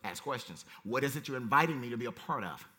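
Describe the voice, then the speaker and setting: A man preaching a conversational sermon, reading verses and commenting with animated swings from quiet asides to loud emphasis. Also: mid-range voice, fast.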